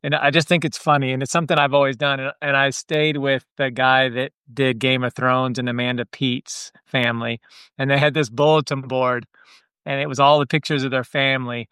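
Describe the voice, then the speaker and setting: A man's voice: mid-range voice, level tone, brisk, pushed and bright, clear, resonant tone, no echo, clean studio sound. A man in casual chat, telling a wry, amused anecdote.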